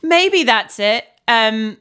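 A woman's voice: a little high, lively intonation, extremely slow, bright, forceful tone, clear, resonant tone. A woman co-hosting a podcast, chatting casually and bluntly with frequent swearing. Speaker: podcast co-host. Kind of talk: casual recap chat.

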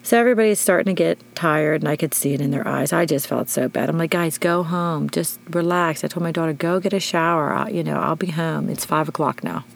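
Middle-aged female podcast host, deep and creaky, emotional storyteller. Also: a little fast, few pauses. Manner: emotional, animated retelling with shouted quotes. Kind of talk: personal storytelling.

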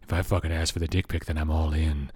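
Guy doing a super deep breathy phone sex voice, slow and hushed and sultry. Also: little pitch movement. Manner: low, hushed, seductive drawl.

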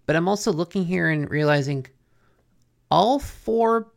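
A podcast co-host casually recapping a cartoon episode in a relaxed, rambling way, leaning on "like" and "basically". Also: mid-range voice, unhurried, vocal fry.

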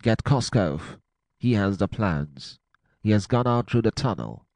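A man puts on a badly wounded middle-aged man for a storybook reading, pushing out faint, labored words. The voice is deep and gravelly, recorded dry and close. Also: expressive, a little slow, darkish tone, no echo. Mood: urgent.

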